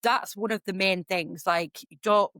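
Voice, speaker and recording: A middle-aged woman talks with guests about her work as a medium, chatty and animated as she tells her stories. Her voice sits at an ordinary pitch, recorded close and dry with no room sound. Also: measured pace, dry recording. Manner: animated storyteller, lively and chatty. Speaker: guest, psychic medium and healer. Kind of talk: casual podcast conversation.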